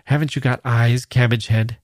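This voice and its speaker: A man's voice: medium pitch, steady tone, normal speed, no echo, clean studio sound, lightly acted. A man reading the part of a fevered, dying old soldier who grumbles and scolds irritably. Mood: irritable.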